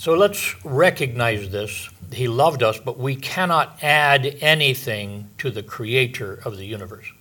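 A man's voice: mid-range voice, lively intonation, a little slow, few pauses, sharp tone. Older male pastor teaching in a folksy way. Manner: conversational and folksy, homey asides and frequent "um" and "you know". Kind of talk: sermon, verse-by-verse Bible teaching.

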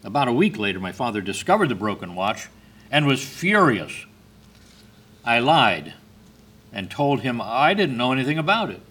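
A man giving a sermon, telling stories in a slow, measured way with brief hesitations. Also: mid-range voice, big pitch swings, fairly bright tone. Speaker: preacher.

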